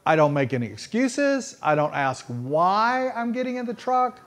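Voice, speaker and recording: A man's voice: high voice, sing-song, normal speed. A man preaching a storytelling sermon in a folksy, earnest way, with frequent restarts.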